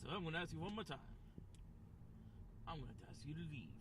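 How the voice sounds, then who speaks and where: A man's voice: fairly high pitch, lively intonation, quick pace, noisy background, voice pushed down, lightly acted. A man playing a prim, polite bouncer. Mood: mock polite. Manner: stiff, formal politeness. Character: overly polite soft-spoken male bouncer.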